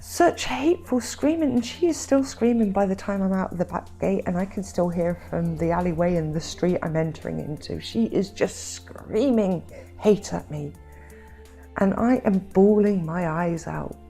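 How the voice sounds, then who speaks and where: A woman vlogger recounting her family estrangement in an emotional, halting way, repeating words when upset and close to tears at times. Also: on the low side, warm tone, soft background music. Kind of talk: personal storytelling.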